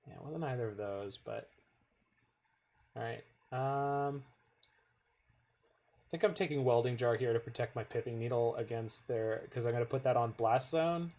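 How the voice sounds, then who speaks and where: A North American game streamer chats casually with viewers while playing a card game, wandering off into rambling, digressive stories. His medium-pitched voice has a darkish tone, moves at normal speed, and includes long pauses.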